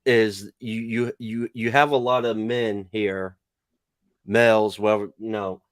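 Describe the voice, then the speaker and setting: A man's voice: lowish voice, flat delivery, measured pace, no echo, studio quality. A man on a podcast giving blunt, preachy advice with casual swearing. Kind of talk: blunt opinion talk.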